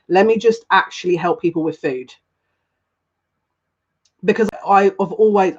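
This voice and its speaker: A woman giving a casual live tarot reading as a psychic, chatty and rambling with frequent giggles. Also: on the low side. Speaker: psychic reader. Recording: dull lo-fi sound.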